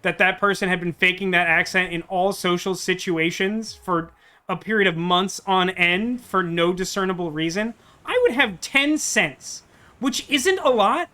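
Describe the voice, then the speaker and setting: A man's voice: high voice, animated, normal speed, sharp tone. A man hosting a let's play, reading game dialogue aloud and breaking off into joking, rambling asides.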